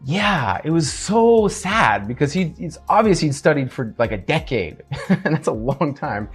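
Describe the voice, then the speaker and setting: A man, a podcast guest telling a story in a lively, casual way, acting out other people in a high voice and laughing often. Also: unhurried, husky, soft background music. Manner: animated, acts out quotes in a high voice.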